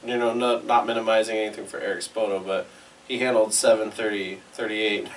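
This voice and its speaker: A man's voice: on the low side, steady tone, a little fast, far from the mic, a little hiss or hum, low-quality recording. A man co-hosting a podcast, joking and teasing in casual banter. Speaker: podcast co-host.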